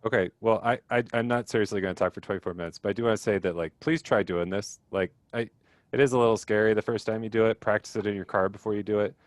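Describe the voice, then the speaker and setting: A young man with a lowish voice talks casually on a video call, leading a teacher workshop. He rambles with fillers and acts out little bits of dialogue. The sound is dry and close. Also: steady tone, fast talker, no room sound. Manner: chatty, self-deprecating, many fillers and quoted dialogue.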